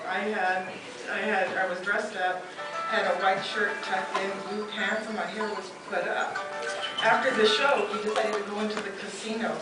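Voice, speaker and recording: Middle-aged woman telling stories at a eulogy. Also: mid-range voice. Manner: lively storyteller who acts out quotes and laughs as she tells. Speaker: daughter giving a eulogy. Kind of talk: funeral eulogy storytelling. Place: memorial service hall. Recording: echoey hall from far off, loud noise.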